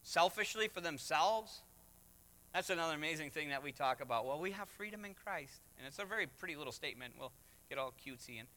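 A man's voice: a little high, lively intonation, quick pace, sharp tone. A man preaching a sermon as pastor, emphatic, with acted asides and rising refrains. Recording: reverberant hall.

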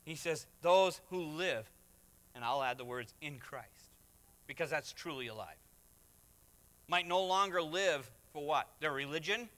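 A man's voice: a little high, animated, unhurried, bright, forceful tone. A man preaching a sermon as pastor, emphatic, with acted asides and rising refrains. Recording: reverberant hall.

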